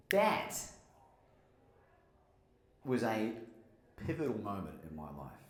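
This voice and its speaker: An Australian man gives a live keynote in a hall. His voice is low-pitched but swings widely up and down as he tells his stories. The room adds a roomy echo. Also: slow, pauses often. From Melbourne, Australia. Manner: animated storyteller, asks the audience questions. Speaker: motivational speaker and podcast host. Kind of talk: live keynote speech to an audience. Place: conference hall with a live audience.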